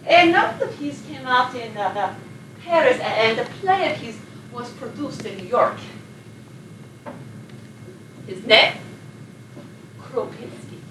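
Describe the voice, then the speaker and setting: A sleepless Polish actress. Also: female voice, a little high, lively intonation, a little slow. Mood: chatty. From Poland. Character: sleepless Polish émigré actress, chatty and self-promoting. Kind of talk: film monologue. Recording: echoey room, distant mic, background noise.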